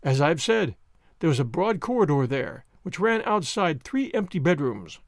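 A man narrating a classic detective story in a measured, expressive audiobook reading. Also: on the high side, no echo, clean studio sound.

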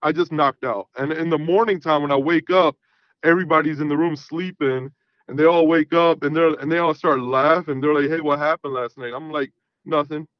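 A man in his thirties with a slightly high, steady voice phones in to a show and talks fairly quickly through a long, rambling story, repeatedly saying things like "you know what I mean." The sound is dry and lo-fi.

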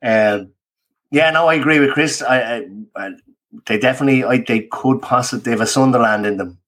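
A man's voice: medium pitch, fairly quick, fairly bright tone. Easygoing man on a football podcast. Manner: hesitant starts, easygoing. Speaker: podcast co-host. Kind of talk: casual football chat.

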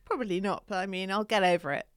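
A woman's voice: mid-range voice, quick pace, smooth, dry recording, clean studio sound. A middle-aged woman co-hosting a podcast, easygoing and casual, often laughing along. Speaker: podcast co-host. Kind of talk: casual chat.

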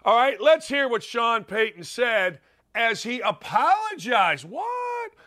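Sports host man, ranting, high pitched, bright edgy tone, combative. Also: big pitch swings. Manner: emphatic, combative, quick asides. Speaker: sports talk show host. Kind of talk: opinionated sports radio rant.

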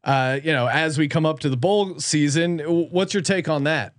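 A man hosting a sports podcast, chatty and quick to laugh. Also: on the high side, no echo, studio quality. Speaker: podcast host. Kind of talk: casual podcast interview.

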